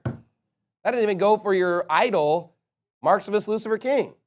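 Angry preacher guy, high voice, keeps hammering questions at the crowd. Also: a little slow, long pauses. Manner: fiery, combative preaching with repeated rhetorical questions. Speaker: pastor. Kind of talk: sermon.

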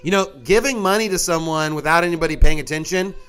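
A middle-aged man delivering a sermon in a folksy, conversational way. His voice sits high and bright, and he keeps it animated, slipping in mocking asides as he goes. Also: fast talker, clean tone. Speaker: preacher.

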